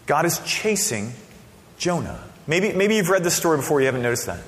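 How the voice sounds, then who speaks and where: A man preaching a sermon as a pastor, casual and conversational, with sudden loud bursts. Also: a little high, sing-song, a little fast, a little hiss or hum. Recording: long reverb of a hall.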